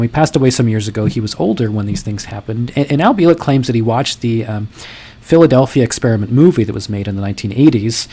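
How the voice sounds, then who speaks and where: A man's voice: medium pitch, a little mellow. Casual skeptical man talking to camera. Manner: conversational, frequent fillers and self-corrections. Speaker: video host.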